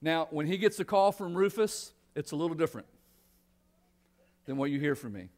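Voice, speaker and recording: A man's voice: a little high, animated, normal speed, a little mellow. A male pastor giving a conversational sermon in church, earnest and often repeating words as he restarts. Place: church sanctuary.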